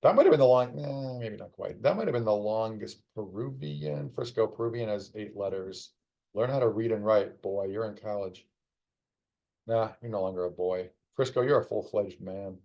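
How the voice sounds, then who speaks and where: Muttering through a puzzle on a live stream, a tired, yawning middle-aged man offers casual commentary and teases the setter. His voice is lowish, creaky and dark at normal speed, and the recording has its highs cut off.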